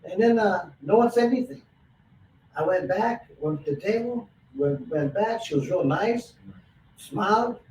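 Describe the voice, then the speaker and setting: Male interview host, chatty storyteller, slightly higher voice, echoey room with faint hiss. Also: lively intonation, unhurried, a little mellow, lo-fi sound. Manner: storytelling, acts out quoted lines. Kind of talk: casual interview chat. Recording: roomy echo, distant mic, faint noise.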